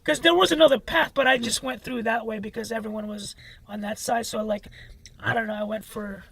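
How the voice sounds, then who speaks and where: Bright, high, gravelly man telling a ghost story. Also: fairly even intonation. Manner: halting, filler-heavy. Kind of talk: casual storytelling chat.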